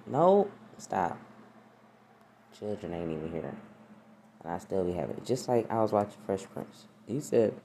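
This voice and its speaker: A woman's voice: very deep voice, very animated, normal speed, pauses often, dark tone, slight background noise. A woman hosting her own podcast, chatting casually and rambling with profane, laughing asides. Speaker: podcast host. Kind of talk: casual solo podcast chat.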